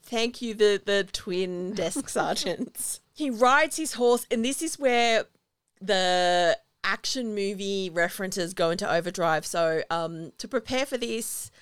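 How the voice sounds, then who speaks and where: A woman recapping a film in relaxed podcast chat. Her voice is smooth and clear, recorded dry and close. She tells the story in an animated way, acting out the lines she quotes. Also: mid-range voice, takes it slowly, no room sound. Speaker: podcast co-host.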